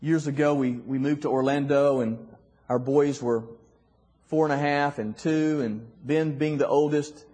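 A middle-aged man with a husky voice, telling a heartfelt personal story as a guest speaker, his voice dropping soft at emotional moments. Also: fairly even intonation, measured pace. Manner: emotional, voice dropping soft and rising high in quoted lines. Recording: long hall reverb.

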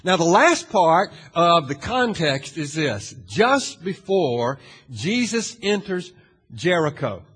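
A male pastor preaching a sermon in a dramatic way, asking the audience questions and swinging from hushed to loud. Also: on the high side, very animated, slow pace, slightly rough. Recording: long hall reverb.

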